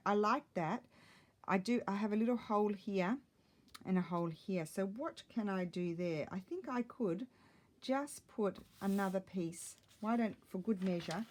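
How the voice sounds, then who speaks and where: Woman, middle-aged, low-ish voice, rambling crafting chat into a tablet mic. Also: a little mellow. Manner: rambling, chatty, self-deprecating. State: a little out of breath. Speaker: crafting vlogger. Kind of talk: casual chat while crafting. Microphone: tablet camera mic.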